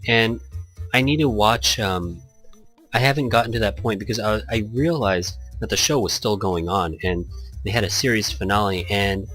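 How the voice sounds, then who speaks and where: A man's voice: fairly low pitch, moderate pace, fairly bright tone, faint music behind. A man hosting a let's play, talking casually and rambling as he reacts to the game. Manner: rambling, chatty, laughs often. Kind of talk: casual commentary over a game.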